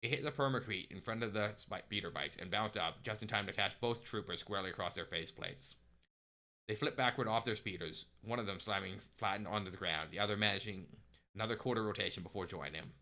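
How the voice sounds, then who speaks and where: A man narrating a story aloud on a live stream, steady with small restarts. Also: on the low side, fast talker.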